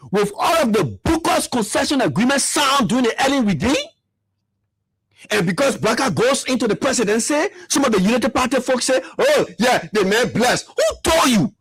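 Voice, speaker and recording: Fiery high-voiced man. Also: slightly rough, no room sound. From Liberia. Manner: fiery, repetitive, rhetorical questions. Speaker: political commentator. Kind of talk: impassioned political commentary.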